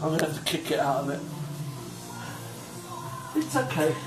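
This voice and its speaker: A man's voice: on the high side, very animated, normal speed. A man playfully grilling a pet cat in a mock interrogation, drawing out his questions and laughing between them. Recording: roomy home video from a distance, faint music.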